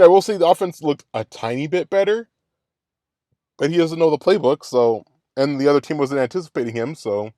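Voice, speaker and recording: A man hosts a sports reaction show, ranting angrily with plenty of profanity and circling back to the same complaints. His voice is mellow and medium in pitch, recorded with studio quality and no room sound.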